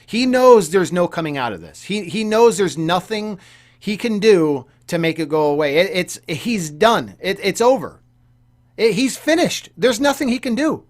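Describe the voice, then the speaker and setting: A man's voice: high-pitched, animated, normal speed. A young man delivering a casual commentary rant, heated and repetitive, with frequent stammering restarts. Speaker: gaming YouTuber commentator.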